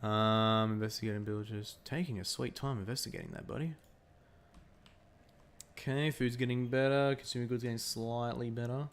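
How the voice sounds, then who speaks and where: A man's voice: medium pitch, fairly even intonation, moderate pace, slight background noise. A young Australian man chatting casually while streaming a strategy game, laughing often and answering his chat. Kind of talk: casual gameplay commentary with chat.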